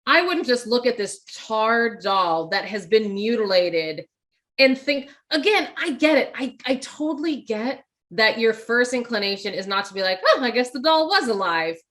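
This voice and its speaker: A woman co-hosting a casual movie talk show, animated and acting out quoted lines as she retells scenes. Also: fairly high pitch, a little slow. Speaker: podcast co-host.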